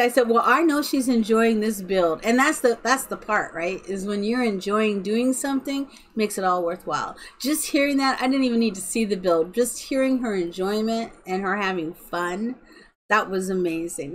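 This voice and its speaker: A woman's voice: on the high side, poor audio. Giggly woman streamer chatting casually. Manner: giggly, laughing through her words. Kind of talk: casual live-stream chat while gaming.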